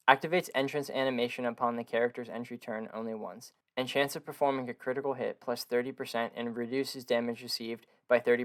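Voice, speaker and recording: Hoarse young man reading game stats. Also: mid-range voice. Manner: flat reading of long stats, then slangy offhand comments. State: hoarse from illness. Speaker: gaming video creator. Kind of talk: reading game stat text with casual asides.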